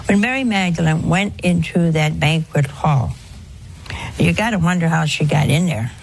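A woman's voice: sits low, moderate pace, vocal fry, a little hiss or hum. An older woman giving a conversational religious talk to an audience, asking rhetorical questions in a homely preaching manner. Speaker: religious speaker.

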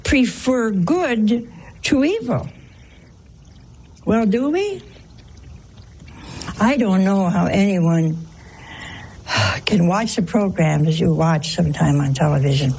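An older woman delivers a folksy sermon as a Catholic nun, in a gravelly, creaky voice at a middle pitch. She keeps it homely and humorous, tossing rhetorical questions at her listeners between her stories. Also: a little mellow, a little hiss or hum, poor audio.

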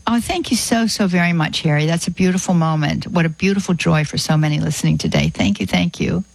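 A woman's voice: lowish voice, quick pace, creaky, no room sound, poor audio. A woman hosting a call-in radio show, talking in an effusive, heartfelt way and thanking callers over and over. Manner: warm, effusive, repeats "beautiful" often. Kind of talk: Catholic radio call-in chat.

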